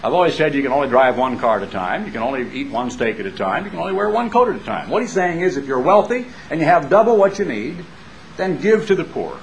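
A man's voice: fairly high pitch, very animated, quick pace, low-quality recording. Folksy, emphatic male preacher. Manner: folksy and emphatic, with rising rhetorical questions. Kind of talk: sermon.

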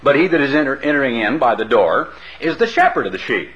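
A man's voice: mid-range voice, animated, quick pace, fairly bright tone. A man preaching a sermon, mixing scripture with folksy asides and pointed questions to the congregation. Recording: dull lo-fi recording.

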